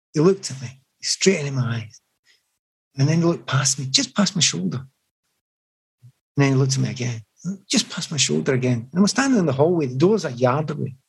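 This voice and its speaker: A man's voice: medium pitch, vocal fry, slightly rough, poor audio. A middle-aged man, a former footballer, telling reflective stories in an interview. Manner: reflective, animated anecdotes with restarts. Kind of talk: storytelling in an interview.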